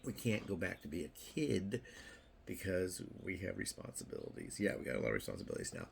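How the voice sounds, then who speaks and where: An older man vlogs to camera in a loose, rambling monologue, circling back and repeating words. His voice sits low and carries a gravelly rasp. A faint hiss runs under him. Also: huge pitch swings, fast. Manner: playful, acts out little quoted voices. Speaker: YouTube vlogger.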